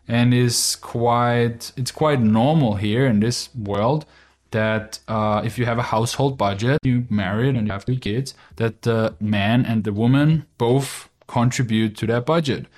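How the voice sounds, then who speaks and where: A man's voice: mid-range voice, measured pace, a little mellow. A young man with an Austrian accent, hosting a podcast as a casual monologue, blunt and informal and swearing freely. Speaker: podcast host.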